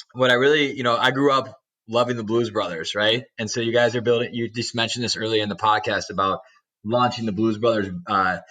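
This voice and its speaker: Podcast host guy, sharp bright voice, lots of ums and uhs. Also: mid-range voice, rough recording. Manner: rambling, halting, lots of fillers. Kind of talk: casual interview chat.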